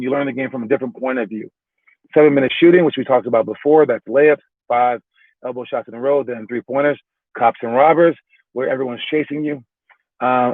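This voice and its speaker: A man's voice: medium pitch, no room sound. Man talking hoops over a tinny line. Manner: loose, talky, frequent restarts and "all right". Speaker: basketball trainer. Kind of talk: casual explaining and ranking. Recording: tinny phone-like dry sound.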